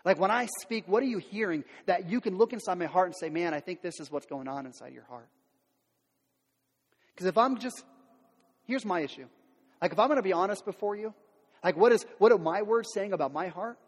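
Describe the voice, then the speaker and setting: A man's voice: high voice, fairly quick, husky. A man preaching a sermon as pastor, speaking candidly and conversationally, with many fillers and restarts. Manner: acts out quoted voices of everyday people. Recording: long hall reverb.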